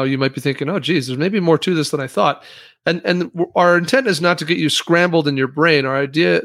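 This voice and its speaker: A man's voice: a little high, fairly bright tone, no echo, studio quality. A man hosting a podcast who addresses listeners directly and prompts his co-host with questions.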